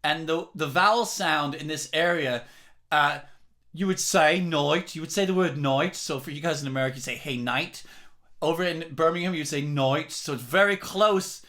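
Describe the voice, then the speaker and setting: Bright-voiced singing teacher. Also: male voice, on the high side, a little fast. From England. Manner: careful explanatory delivery. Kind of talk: vocal lesson.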